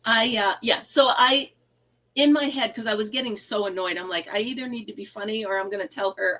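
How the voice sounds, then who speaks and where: A woman's voice: a little high, unhurried, bright, forceful tone, rough recording. A middle-aged woman hosting a casual live chat, telling a funny story and laughing often. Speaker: livestream host.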